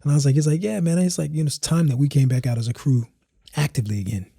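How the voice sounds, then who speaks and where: Ny dude chatting slangy and relaxed about dancing, husky voice, dry close sound. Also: male voice, medium pitch, racing, dry recording. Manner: laid-back, rambling, slangy, acts out quoted friends. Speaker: guest, house dancer. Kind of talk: storytelling in a podcast interview.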